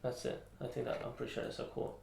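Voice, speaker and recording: A young man co-hosting a podcast in casual chat, blunt and quick with swearing retorts. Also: medium pitch, completely flat delivery, vocal fry, darkish tone. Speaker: podcast co-host. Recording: echoey room.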